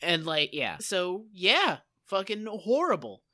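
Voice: mid-range voice, sing-song, takes it slowly, pushed and bright. A podcast co-host recapping a TV episode in casual chat, blunt and crude, swearing freely.

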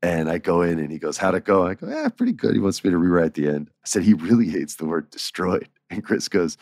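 A man's voice: steady tone, a little fast, a little mellow, no echo, clean studio sound. A man in his forties casually telling stories about his old writing job, often laughing and acting out what others said. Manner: laid-back, laughs often, acts out quotes in shifting pitch. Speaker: former writer telling stories. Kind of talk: casual storytelling chat.

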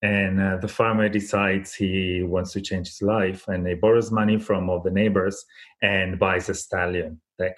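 A man speaking as an interview guest, telling a folk parable in a thoughtful, reflective way with frequent restarts. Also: sits low. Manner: thoughtful, many restarts and fillers. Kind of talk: reflective conversational storytelling.

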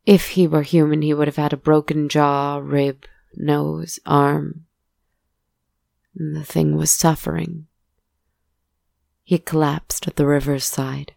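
A woman narrating a story in a soft, deliberate way. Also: low-pitched, little pitch movement, creaky, no room sound, clean studio sound.

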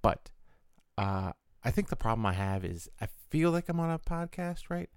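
A man with a Southern Maryland accent co-hosting a podcast, talking fast with quick restarts. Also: fairly high pitch, big pitch swings, darkish tone, clean tone, no room sound, studio quality. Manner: fast, tumbling speech with restarts. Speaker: podcast co-host. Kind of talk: casual chat.

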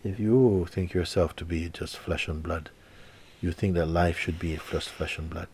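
A man teaching through a dramatic story, repeating words and swinging between loud and hushed delivery. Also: low-pitched, fairly even intonation, normal speed, a little hiss or hum. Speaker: spiritual teacher.

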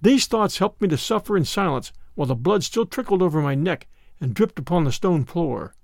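A man narrating an audiobook in a dramatic, expressive first-person storytelling style. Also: on the high side, brisk, gravelly, dry recording, studio quality. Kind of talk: scripted narration.

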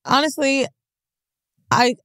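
A woman co-hosting a podcast, telling personal stories in a candid, animated way. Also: sits high, slow pace, no room sound, clean studio sound. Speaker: podcast co-host. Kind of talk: casual chat.

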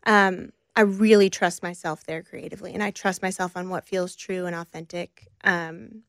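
A woman's voice: mid-range voice, dry recording. Earnest woman, close dry sound. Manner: reflective, earnest, frequent fillers. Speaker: guest. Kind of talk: conversational interview.

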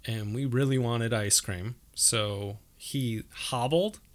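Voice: mid-range voice, takes it slowly. A podcast co-host chatting casually and telling stories in an easygoing way. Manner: animated storyteller, easygoing. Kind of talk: casual movie rewatch chat.

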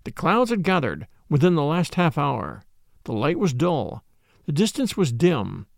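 A man narrating a classic novel in the first person, with expressive, measured storytelling. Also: on the high side, vocal fry, no room sound, clean studio sound. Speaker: audiobook narrator.

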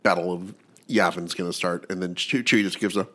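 Low-voiced laid-back podcast man. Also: steady tone, fairly quick, a bit bright. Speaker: podcast co-host. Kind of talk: casual podcast chat.

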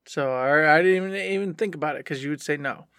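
A man co-hosting a podcast, chatting casually and telling an excited, rambling story. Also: a little high, fast talker, no room sound, studio quality. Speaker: podcast co-host. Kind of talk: casual chat.

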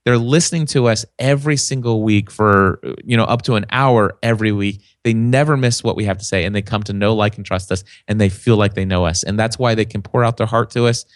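A man's voice: fairly low pitch, fairly quick, few pauses, dry recording, clean studio sound. A man talking as a podcast guest, telling stories and acting out other people's voices in a casual chat. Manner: animated storyteller, acts out quoted voices.

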